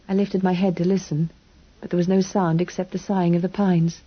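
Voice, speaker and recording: A woman narrating an audiobook in the first person in an even, measured storytelling manner. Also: medium pitch, husky, dull audio.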